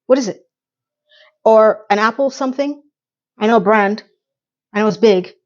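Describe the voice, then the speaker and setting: A woman recapping a TV episode in a casual chat, talking in a lively way with quick asides and questions to her viewers. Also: fairly high pitch, lo-fi sound. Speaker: TV recap reviewer.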